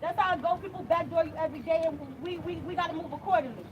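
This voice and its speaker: A woman's voice: very high-pitched, fast, highs cut off. A woman activist, giving a fiery, preacherly protest speech outdoors, repeating her lines. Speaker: community activist. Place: outdoor street gathering. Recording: loud crowd and street noise outdoors.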